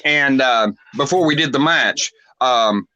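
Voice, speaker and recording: Bright-voiced Tennessee man in his forties. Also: mid-range voice, lo-fi sound. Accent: Tennessee Southern US. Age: 40s. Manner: unhurried rambling with many filler sounds. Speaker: wrestling guest. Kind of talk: casual interview storytelling.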